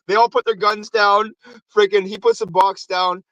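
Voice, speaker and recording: A man's voice: high voice, moderate pace, no echo, rough recording. A man hosting a show, casually recapping a movie with lots of swearing and acted-out quotes. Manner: animated, acts out quotes in raised voices. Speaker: show host.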